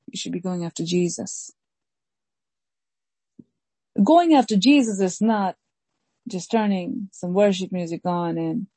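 A woman pastor preaching a sermon slowly and emphatically, repeating key phrases and reading scripture aloud. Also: on the low side, dark tone, slightly rough, no room sound, low-quality recording. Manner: slow, emphatic preaching with deliberate repetition.

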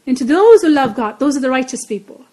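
A woman's voice: high-pitched, lively intonation, quick pace, dark tone, poor audio. A woman preaching a Bible lesson, earnest and repeating her key phrases for emphasis. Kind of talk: Bible teaching.

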